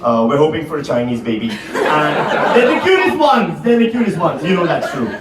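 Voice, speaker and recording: A man in his forties doing profane, animated stand-up comedy before a live audience. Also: a little high, heavy background noise. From Pakistan. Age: 40s. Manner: animated, profane, quick asides to the crowd. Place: large hall, live audience. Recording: roomy live hall, mic from a distance, crowd laughter. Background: audience laughter.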